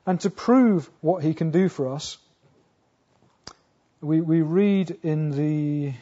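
A man preaching a sermon earnestly, asking rhetorical questions, restarting phrases, rising to loud emphatic peaks and sinking low again. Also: takes it slowly. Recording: dull lo-fi sound.

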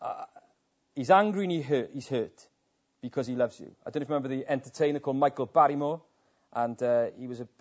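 A man's voice: medium pitch, darkish tone. Earnest male preacher, lo-fi. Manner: earnest, rising to impassioned emphasis. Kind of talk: sermon. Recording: dull lo-fi sound.

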